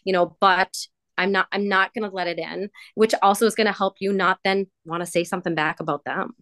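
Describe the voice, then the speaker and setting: A woman's voice: medium pitch, fairly even intonation, a little fast, fairly bright tone, no echo. A woman hosting a casual chat, thinking aloud with frequent restarts. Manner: thinking aloud with many restarts and "you know".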